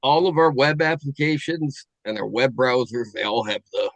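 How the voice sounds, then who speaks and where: A middle-aged man hosting a casual podcast chat, thinking aloud in a halting way with many restarts. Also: medium pitch, level tone, dry recording, poor audio. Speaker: podcast host.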